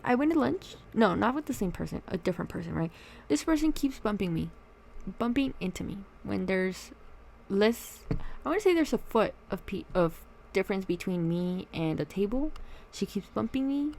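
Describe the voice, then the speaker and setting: In this get-ready-with-me chat, a young vlogger tells an indignant story about friends from work while putting on makeup at home. She sounds animated and fed up, with a mid-range voice over a faint hiss or hum.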